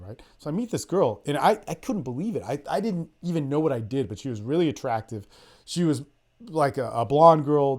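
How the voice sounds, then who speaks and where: A male dating coach holds forth on a group call, swearing freely as he tells his stories. He slips into quick quoted lines from other people and then drops back to his own easy, mid-pitched voice. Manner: profane, animated storytelling, quoting others in quick bits. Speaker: podcast host, dating coach. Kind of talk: casual storytelling on a group call.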